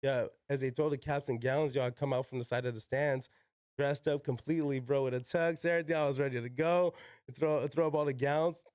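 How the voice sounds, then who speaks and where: Smooth-voiced man telling stories, slangy. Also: medium pitch, fairly even intonation, a little fast, a little mellow, no room sound, clean studio sound. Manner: slangy, peppered with "yo" and "like", swears freely. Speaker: podcast guest. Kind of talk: casual storytelling.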